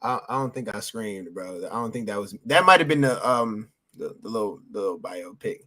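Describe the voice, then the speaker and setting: Excited male streamer, slangy, repeats himself, bright voice, out of breath. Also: fairly low pitch, brisk. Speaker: streamer reacting live. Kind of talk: excited live stream reaction.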